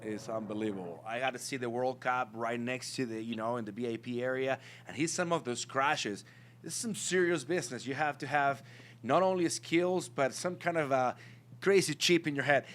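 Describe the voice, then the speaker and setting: A middle-aged man with a foreign accent, co-hosting a casual morning show and telling stories with excitement. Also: medium pitch, moderate pace. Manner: excitable, laughs often, lively storytelling. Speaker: co-host.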